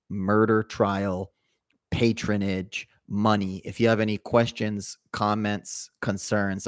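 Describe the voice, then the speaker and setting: A young man hosting a livestream, telling a long anecdote in a calm, rambling way with fillers. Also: on the low side, no echo, studio quality. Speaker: livestream host. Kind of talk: casual storytelling to a live chat.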